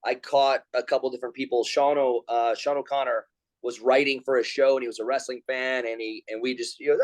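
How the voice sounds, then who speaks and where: Speaking quickly in a mid-range voice, this forties-aged pro wrestler and comedian is a guest on a video call. He spins animated stories, voicing what others said in loud, raised tones.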